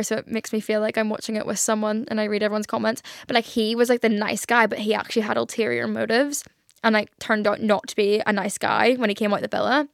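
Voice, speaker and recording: A woman's voice: mid-range voice, creaky, dry recording, clean studio sound. A young Irish woman hosting a casual solo podcast, chatty and gushing with lots of "like" fillers. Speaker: podcast host.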